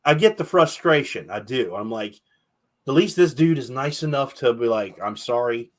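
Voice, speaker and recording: A man's voice: mid-range voice, expressive, normal speed. A man hosting a casual podcast chat, telling stories with animation and swearing freely. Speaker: podcast host.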